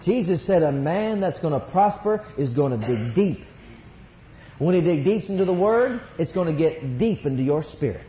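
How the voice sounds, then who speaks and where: A middle-aged man preaching a sermon, swinging between soft asides and rising exclamations. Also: fairly high pitch, lively intonation, moderate pace, a little hiss or hum. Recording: dull roomy recording.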